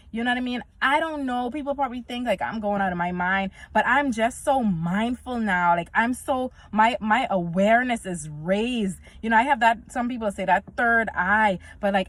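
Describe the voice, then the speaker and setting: A woman's voice: fairly high pitch, no room sound. A woman, giving an earnest, faith-filled vlog talk and quoting scripture. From Bahamas. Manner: earnest and preachy, quotes scripture, acts out little dialogues. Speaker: vlogger. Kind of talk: casual faith-based talk to camera.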